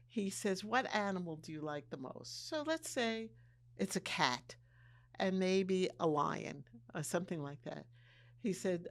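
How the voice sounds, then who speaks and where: A woman in her eighties co-hosting a casual conversation, telling family stories and getting animated when she retells a joke. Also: lowish voice, a little slow. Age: 80s. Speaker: podcast co-host, mother-in-law.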